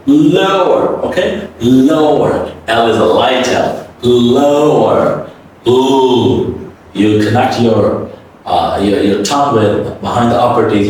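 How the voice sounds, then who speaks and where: Slow, coaxing male teacher, echoey room. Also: on the low side, far from the mic, slight background noise. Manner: drills words aloud, coaxing with frequent "okay?". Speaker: English pronunciation teacher. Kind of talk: classroom pronunciation lesson.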